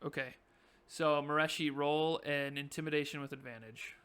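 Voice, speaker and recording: Young male game master, casual, laughing, bright tone. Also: on the high side, fairly even intonation, normal speed, clean tone. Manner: casual, laughing, loose and joking. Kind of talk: narrating a tabletop game.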